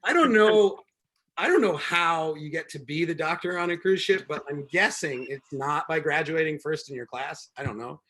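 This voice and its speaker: A man's voice: fairly high pitch, steady tone, normal speed, few pauses, bright, forceful tone. Wry, rambling male stand-up host. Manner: wry, rambling, many ums and restarts. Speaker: comedian and show host. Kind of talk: stand-up comedy set.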